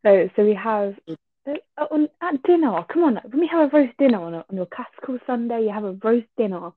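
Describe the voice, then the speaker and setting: A woman's voice: on the high side, expressive, fairly quick. A woman from England, co-hosting a casual chat in a teasing, giggly way. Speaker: podcast co-host. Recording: tinny phone-like line.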